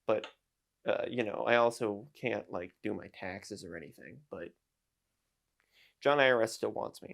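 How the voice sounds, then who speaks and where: A man in his twenties from the United States, a YouTuber and streamer, delivers a rambling, self-mocking, jokey vlog rant to camera. His voice is lowish and a bit bright, with vocal fry, a moderate pace, and long pauses.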